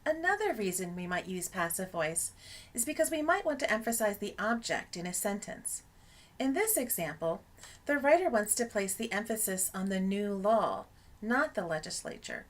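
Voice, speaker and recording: A woman narrating a scripted lesson on academic writing as an instructor, in a clear explanatory teaching tone. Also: mid-range voice.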